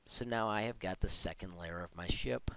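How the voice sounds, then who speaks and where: A man hosting a software tutorial, talking through each step in a chatty, upbeat way. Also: low-pitched, moderate pace, vocal fry, clean tone, poor audio. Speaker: tutorial host. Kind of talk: screen-recorded software tutorial.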